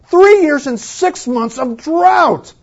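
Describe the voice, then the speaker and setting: A pastor delivers a sermon to his church in a high, animated voice at a slow pace, swinging from loud exclamations down to hushed near-whispers. The recording is dull and lo-fi.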